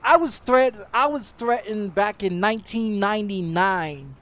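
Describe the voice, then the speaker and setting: A man's voice: high-pitched, unhurried, a bit bright. A middle-aged man from the United States, a game streamer, in a heated, profane rant that keeps stumbling over repeated words. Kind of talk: heated off-topic rant on a livestream.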